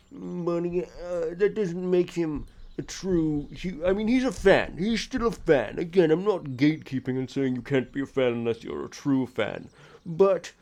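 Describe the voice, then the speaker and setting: A man's voice: medium pitch, darkish tone. Rambling man chatting over gameplay. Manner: rambling, self-correcting, opinionated. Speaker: streamer. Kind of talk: casual let's-play chatter.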